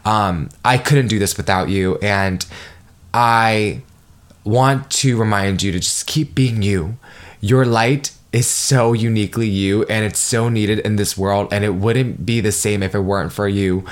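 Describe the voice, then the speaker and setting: A man in his twenties hosting a solo podcast, talking in an emotional, effusive way, swearing freely and jumping up in pitch when excited. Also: unhurried. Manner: animated, jumps higher when excited. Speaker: podcast host. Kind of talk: solo motivational podcast monologue.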